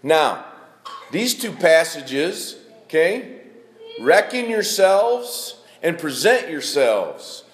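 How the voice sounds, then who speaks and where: A middle-aged man delivers a folksy sermon, his voice pitched a bit high and swinging widely as he speaks. He talks straight to the congregation and calls on people by name. The church room around him rings with echo. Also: animated, slow. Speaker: preacher.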